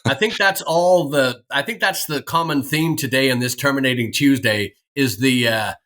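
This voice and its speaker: A man's voice: mid-range voice, moderate pace, fairly bright tone. A man co-hosting a podcast, wisecracking and blunt in casual chat. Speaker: podcast co-host.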